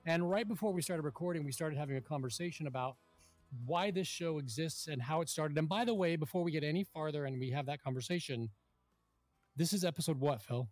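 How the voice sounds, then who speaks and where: An upbeat, talkative man hosting a casual podcast, his voice sitting a little higher than most men's. He keeps the chat playful and easygoing, with a faint bed of music behind him. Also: a little fast. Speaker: podcast co-host.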